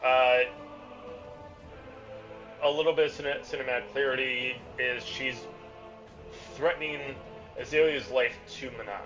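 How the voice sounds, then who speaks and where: A man's voice: mid-range voice, steady tone, unhurried, pauses often, lo-fi sound, music in the background. A man narrating a tabletop game as game master, loose and rambling, with many fillers.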